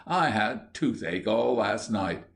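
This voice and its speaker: A man's voice: animated, slow, vocal fry, full character voice. A man voicing a touchy actress dressed as a fairy queen, whining plaintively. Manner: plaintive, shrill when offended.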